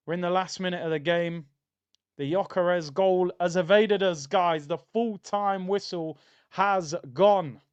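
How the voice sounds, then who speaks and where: A man's voice: high-pitched, measured pace, smooth, muffled recording. A man streaming a live football watchalong, chatting casually about the match and reading out viewer comments. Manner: chatty, reads out viewer comments, excitable bursts. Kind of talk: live match reaction chat.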